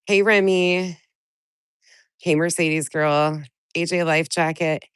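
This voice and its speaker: A woman's voice: low-pitched, steady tone, slow pace, clear, resonant tone, dry recording, studio quality. A woman with a stuffy nose from a cold, hosting a casual live stream, greeting chatters by name and venting bluntly with plenty of swearing. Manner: greets chat viewers by name. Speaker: livestream host.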